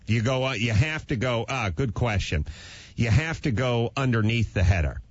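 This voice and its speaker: A man's voice: medium pitch, animated, normal speed, no echo. Man, radio show host, playful crude joker, close dry mic, muffled broadcast quality. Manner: joking, riffs on crude gags. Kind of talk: casual radio banter. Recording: dull lo-fi radio sound.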